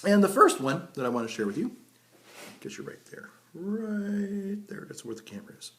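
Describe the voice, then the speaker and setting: A man's voice: medium pitch, huge pitch swings, fast, fairly bright tone. A man, a priest telling rambling folksy stories in a casual vlog, recorded outdoors by a vineyard. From United States. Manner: folksy and rambling, chuckles at his own stories. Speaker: priest and pipe vlogger.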